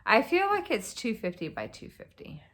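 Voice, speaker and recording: A woman chats through her craft projects in a loose, rambling way, her pitch bouncing lively up and down. She gets excitable over her progress and swears casually. She sounds a little tired. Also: moderate pace. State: tired and yawning. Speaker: cross-stitch vlogger. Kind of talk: casual show-and-tell chat.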